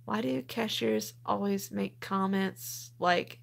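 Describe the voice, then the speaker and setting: A woman's voice: mid-range voice, fairly even intonation, slow, gravelly. Chatty laughing woman streaming live. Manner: chatty and laughing, explains step by step. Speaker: couponing channel host. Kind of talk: casual live-stream chat, reading viewer comments aloud.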